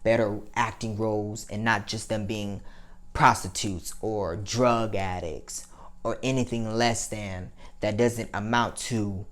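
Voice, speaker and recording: A young man talking to camera in a casual, rambling and profane vlog monologue, his voice climbing high when he gets worked up. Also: fairly even intonation, slow pace, a bit bright. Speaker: vlogger.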